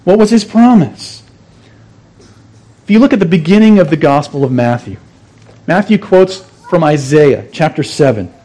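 A man with a notably high voice delivers a sermon. He teaches in an earnest, emphatic way, repeating key phrases to drive the point home. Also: lively intonation, normal speed, pauses often, mellow. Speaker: pastor.

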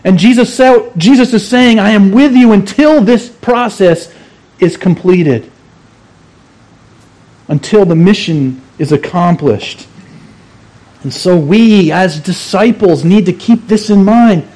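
A man's voice: high voice, takes it slowly, mellow. A man preaching a sermon, teaching earnestly and stressing key phrases through repetition. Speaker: pastor.

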